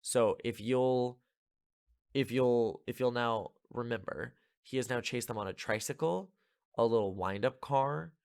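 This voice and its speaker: A man's voice: medium pitch, dry recording, clean studio sound. A man hosting a podcast, casually recapping a movie plot in a rambling, filler-heavy way with sarcastic asides. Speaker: podcast host.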